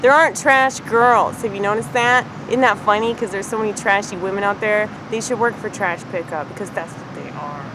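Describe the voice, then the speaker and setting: A woman's voice: mid-range voice, fairly quick, few pauses, background noise. A woman vlogger delivering an arrogant, combative rant to camera, swearing freely and laughing at her own remarks. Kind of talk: ranting monologue to camera. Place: near a street with trash pickup passing.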